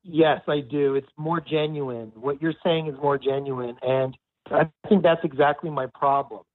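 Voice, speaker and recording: A man with a somewhat high voice who talks haltingly, stopping and restarting as he reflects on his feelings. He comes through a dry, tinny phone line. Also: fairly even intonation, no room sound. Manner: hesitant, halting, self-reflective. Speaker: client. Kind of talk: counseling conversation.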